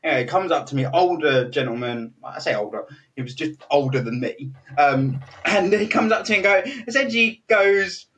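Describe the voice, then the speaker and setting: Chatty British man, high voice, mic a bit far. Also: lively intonation, moderate pace, a bit bright. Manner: chatty, laughing storyteller, full of fillers and quoted voices. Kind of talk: casual anecdote telling.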